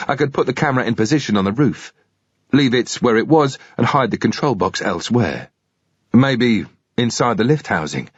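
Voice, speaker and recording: Husky low-voiced male thriller narrator. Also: dry recording, highs cut off. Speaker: audiobook reader. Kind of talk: first-person thriller narration.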